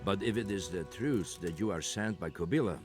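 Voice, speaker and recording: An actor playing a guarded, secretive soldier, speaking in measured, formal video game dialogue. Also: male voice, deep voice, over music, lightly acted. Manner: measured, formal, stiff old-fashioned phrasing.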